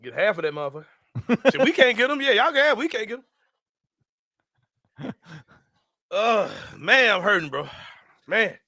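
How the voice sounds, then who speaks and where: A young man hosting a casual sports talk show, telling stories loudly, laughing often and swearing freely. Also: high voice, big pitch swings, moderate pace, long pauses, no room sound, clean studio sound. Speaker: host.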